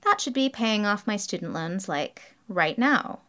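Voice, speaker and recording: A cheery, carefree young motel manager, put on by a woman reading aloud, talks in an easy, unbothered way. Her voice moves lively up and down, and everything sounds like no big deal to her. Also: mid-range voice, a little slow. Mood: breezy. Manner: breezy, casual, unbothered.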